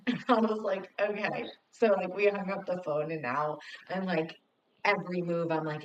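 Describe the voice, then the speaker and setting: Low-ish woman, laid-back podcast co-host, dull lo-fi sound. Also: normal speed. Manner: relaxed, hedging with "like". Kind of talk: casual chat.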